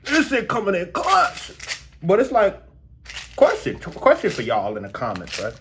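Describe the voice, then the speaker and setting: A young man vlogging casually to his viewers about his dental work, slangy and animated, his mouth still sore. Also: sits high, unhurried, a little hiss or hum. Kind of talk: casual storytelling vlog.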